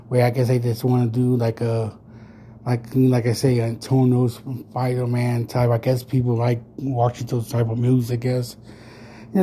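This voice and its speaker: A man in his thirties telling a story on his podcast in a casual rant. He swears constantly, rambles with lots of fillers and turns loud and heated when he gets worked up. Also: medium pitch, a little hiss or hum. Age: 30s. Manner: profane, rambling, full of fillers. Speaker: podcast host.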